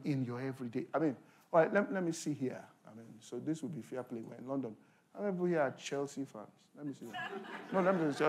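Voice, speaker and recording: Animated male pastor preaching. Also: on the high side. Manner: animated preaching, acts out dialogue and asks the congregation questions. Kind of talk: sermon. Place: conference hall.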